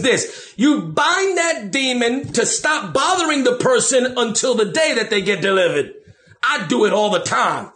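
A man with a very high, bright voice preaches in an echoey church, animated and slangy. He shifts between slow, drawn-out points and fast bursts. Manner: animated, slangy, quotes himself. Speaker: pastor. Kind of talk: preaching on deliverance.

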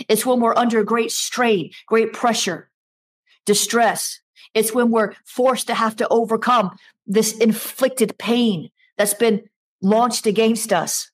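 A woman preaching an online sermon, speaking with emphatic repetition and slowing down to read scripture aloud. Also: a little high.

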